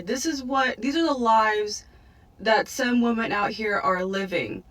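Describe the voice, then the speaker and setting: A woman recounting a story in a chatty, incredulous tone. Her voice sits a little high and sounds somewhat distant from the mic. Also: moderate pace. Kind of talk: storytelling vlog.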